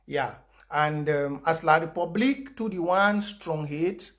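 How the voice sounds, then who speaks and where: A man with a Cameroonian Pidgin English accent speaks to followers over a livestream, his voice sitting high. He drives his points home with emphatic, repeated declarations, sliding between pidgin and English with plenty of fillers. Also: slow, fairly bright tone. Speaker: activist host of an online broadcast.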